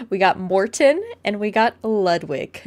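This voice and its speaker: A woman co-hosting a casual chat, laid-back, thinking aloud with ums and drawn-out words. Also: medium pitch, a little mellow. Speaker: podcast co-host.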